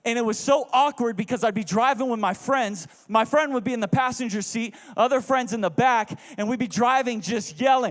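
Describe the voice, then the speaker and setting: Young male pastor from Houston, high voice, comic storyteller, big echoing hall. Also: normal speed. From Houston, Texas. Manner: animated, joking, drops to low asides. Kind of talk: humorous storytelling sermon. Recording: long reverb of a large hall.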